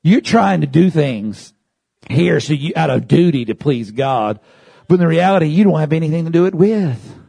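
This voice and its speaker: A man preaching a sermon, moving from calm teaching to loud, high-pitched shouting. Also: normal speed, vocal fry, slightly rough, no room sound.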